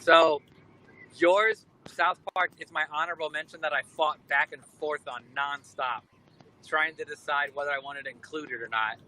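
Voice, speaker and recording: A man in his thirties calls in by phone from a moving car, his voice somewhat high and bright. He rambles in an animated, joking way over faint road noise. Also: normal speed, poor audio. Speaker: guest. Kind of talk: casual chat.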